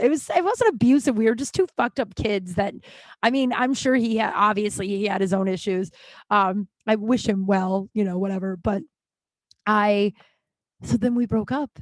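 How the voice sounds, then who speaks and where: A woman's voice: mid-range voice, no room sound. A woman hosting a podcast, telling personal stories in a candid, profane way and acting out what people said. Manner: candid, profane, acts out quotes. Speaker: podcast host. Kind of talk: casual storytelling monologue.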